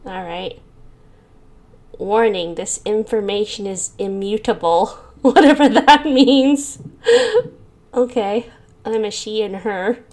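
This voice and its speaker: A woman's voice: mid-range voice, takes it slowly, long pauses, a little mellow. A woman hosting a gaming video, reading a visual novel aloud and breaking off into giggly, self-mocking asides. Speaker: gaming channel host.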